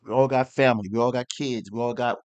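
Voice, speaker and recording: A man's voice: mid-range voice, fairly even intonation, quick pace, clean tone. Man ranting with heated rhetorical questions. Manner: rambling and heated, uses rhetorical questions and slang. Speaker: online commentator. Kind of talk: political rant.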